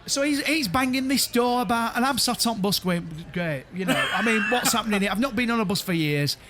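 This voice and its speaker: Man, high voice, bright tone, rambling casual anecdote, laughs often. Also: lively intonation, brisk. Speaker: podcast co-host. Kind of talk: casual chat among friends.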